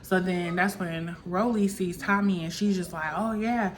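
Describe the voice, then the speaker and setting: A woman's voice: on the low side, steady tone, normal speed. A woman vlogger casually recapping a reality show episode in a chatty, gossipy way, full of "like" fillers.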